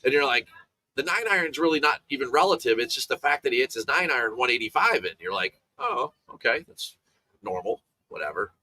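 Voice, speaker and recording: A man with a bright, forceful voice talks through golf betting picks in a loose, casual chat. He rambles into side stories, restarting sentences and piling on asides as he goes. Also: mid-range voice, lively intonation, fast.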